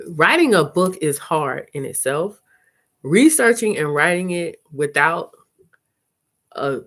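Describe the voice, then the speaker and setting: A woman hosting a live chat, telling stories casually, swearing, and playing out conversations in quick voices. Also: sits low. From lived in New Orleans. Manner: chatty, animated, swearing, retells talks in quick voices. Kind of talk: casual live-stream storytelling.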